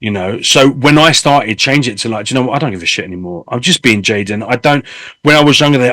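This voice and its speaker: A man in his fifties, a singer hosting a casual interview, talking candidly and telling stories with animated swearing. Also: medium pitch, fast talker, no room sound. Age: 50s. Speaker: host and singer.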